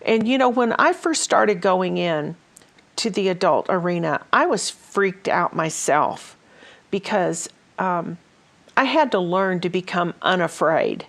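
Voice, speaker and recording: A woman's voice: on the low side, animated, a little slow, fairly bright tone. A woman hosting a ministry talk show, telling stories in a casual way with many fillers and restarts. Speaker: host.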